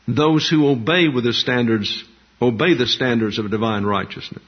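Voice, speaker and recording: A man preaching a doctrinal sermon in a measured, emphatic way, listing terms one by one. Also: mid-range voice, slightly rough. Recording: dull lo-fi sound.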